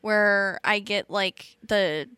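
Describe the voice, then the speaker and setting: A young woman from Western New York co-hosting a podcast, talking in an animated, giggly way among friends. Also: mid-range voice, clean tone, dry recording. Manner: giggly, animated, quick to laugh. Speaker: podcast co-host. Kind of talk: casual chat among friends.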